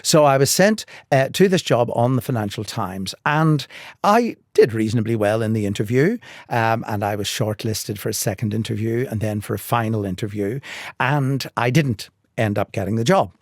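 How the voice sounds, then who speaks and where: An older man from Northern Ireland with a Northern Irish accent, telling stories in a measured, articulate way with dry humor as a guest in a podcast interview. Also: mid-range voice, no room sound.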